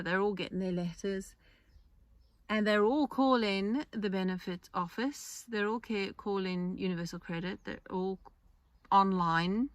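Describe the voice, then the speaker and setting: A woman's voice: on the low side, fairly bright tone, no room sound. A woman hosting a podcast, talking in a chatty, rambling way with restarts and asides. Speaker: podcast host. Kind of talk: casual monologue.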